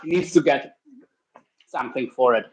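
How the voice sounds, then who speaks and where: A livestream host rambles casually while cooking in his home kitchen with his dog, often restarting sentences. His pitch is medium, his speed normal, and the audio poor.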